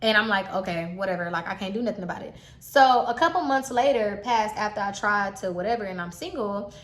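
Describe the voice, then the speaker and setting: A young woman chatting casually to her viewers as she tells a personal story, animated and talkative. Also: medium pitch, a little fast. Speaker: vlogger telling a personal story. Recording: roomy echo.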